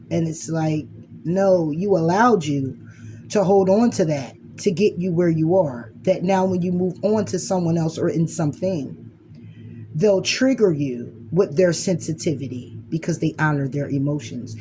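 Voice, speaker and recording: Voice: mid-range voice, unhurried, dark tone, a little hiss or hum. A speaker giving a blunt, emphatic motivational monologue as a spiritual reader, swearing freely and acting out inner arguments in quoted voices.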